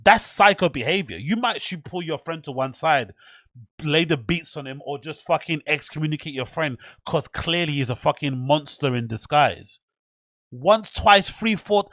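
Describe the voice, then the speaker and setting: A man's voice: fairly high pitch, a bit bright, no echo. A man hosting a reaction video, ranting bluntly and incredulously with plenty of swearing. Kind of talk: casual reaction commentary.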